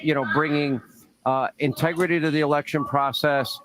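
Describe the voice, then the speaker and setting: A male TV host with a slightly higher voice poses long, emphatic questions to his guest. The clip carries a clear layer of background noise. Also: fairly even intonation, moderate pace. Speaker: TV news host. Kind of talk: TV news interview questions.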